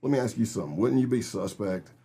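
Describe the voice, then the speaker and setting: A middle-aged man tells vivid stories as an interview guest, acting out the people in them. His voice is low and husky. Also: expressive, fast, dark tone. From Texas. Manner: vivid storyteller who acts out other people's lines. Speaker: guest, retired FBI agent. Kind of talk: casual storytelling interview.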